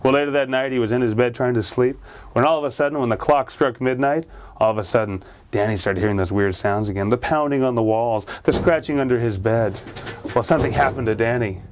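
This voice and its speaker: A man's voice: medium pitch, a little fast, a little hiss or hum. A male storyteller telling a spooky ghost story in a dramatic manner, with chuckles.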